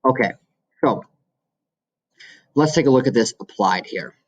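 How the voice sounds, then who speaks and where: A man's voice: mid-range voice, animated, measured pace, husky, dull audio. A male teacher explaining how to quote and cite in essays, walking through examples step by step. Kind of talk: recorded classroom lesson.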